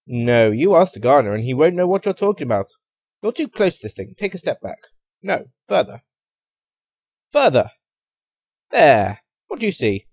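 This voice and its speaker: A man's voice: very animated, moderate pace, long pauses, darkish tone, no echo. A man voicing an eccentric, grandiose male detective in a comic story, with theatrical exclamations. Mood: excited. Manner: exclamatory, theatrical, high-pitched outbursts.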